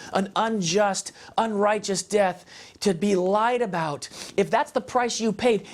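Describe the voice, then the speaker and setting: A man speaking as an interview guest in an impassioned, emphatic, preacher-like way about faith and family. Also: high voice.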